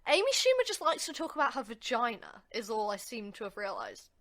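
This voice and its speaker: A young woman from England, chatting on a home podcast. Her voice is bright and fairly high, and she rambles with plenty of fillers. It sounds like an easygoing talk among friends. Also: sing-song, brisk. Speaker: podcast co-host. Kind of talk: casual chat.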